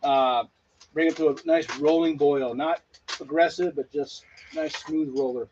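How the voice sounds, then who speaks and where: A man's voice: on the high side, steady tone, unhurried, darkish tone. A man brewing beer, casually explaining each step as he goes. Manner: explaining steps plainly. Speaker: homebrewer. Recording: dull lo-fi sound with faint noise.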